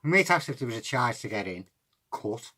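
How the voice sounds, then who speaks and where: A man, talking through a card trick step by step in a relaxed, chatty way. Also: medium pitch, brisk, a little hiss or hum. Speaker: card magic tutor.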